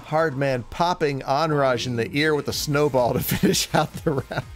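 A man's voice: mid-range voice, faint music behind. A man giving casual, joking play-by-play commentary on a fighting game match. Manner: joking, chatty, quick to laugh. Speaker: esports commentator.

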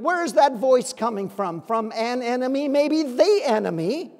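A man's voice: very high voice, animated, takes it slowly, a little mellow, in a large hall. A male pastor preaching a sermon in earnest, pressing his listeners with pointed rhetorical questions. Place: church sanctuary.

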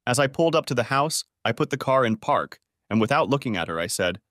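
A man's voice: fairly low pitch, brisk, few pauses, fairly bright tone, no echo, clean studio sound. A man narrating a first-person audiobook story in a dramatic, emotive reading.

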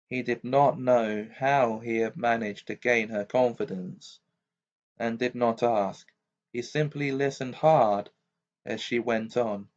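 A man's voice: mid-range voice, fairly even intonation, slow. A man narrating an amateur audiobook, reading steadily with occasional stumbles. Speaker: audiobook reader. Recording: dull lo-fi recording.

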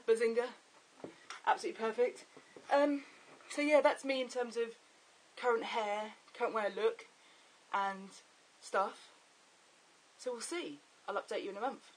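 A young man chatting excitably and rambling in a casual video diary. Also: extremely high pitch, rough recording. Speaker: vlogger.

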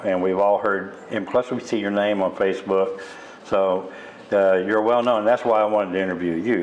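A man's voice: lowish voice, slight background noise, low-quality recording. An older man from the United States hosting a casual interview in an insurance office, friendly and rambling, often repeating himself. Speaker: host.

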